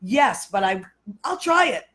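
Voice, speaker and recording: A woman's voice: on the high side, big pitch swings, measured pace, crowd noise. Woman, host, casual chat, eager, stammers and restarts. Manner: stammers, chatty, enthusiastic.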